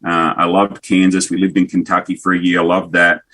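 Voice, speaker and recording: Husky low-voiced Australian man. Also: a little fast. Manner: jokey, animated storyteller. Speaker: guest, business owner. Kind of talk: casual interview chat. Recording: remote call.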